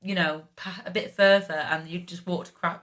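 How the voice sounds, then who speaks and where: A woman's voice: fairly low pitch, steady tone, moderate pace, fairly bright tone. A woman, a podcast co-host chatting casually and thinking aloud as she reacts. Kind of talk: casual chat.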